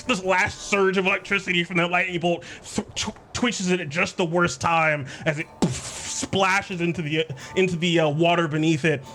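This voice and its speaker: A man narrating a tabletop game as game master, describing monsters with halting fillers. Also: high voice, fairly even intonation, music in the background.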